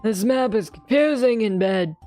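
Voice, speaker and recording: A woman doing a gravelly old man. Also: fairly high pitch, expressive, unhurried, dark tone, faint music behind, pitched below the performer's own voice. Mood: grumbling. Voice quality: graspy, gravelly put-on voice. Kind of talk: voicing game dialogue aloud on a stream.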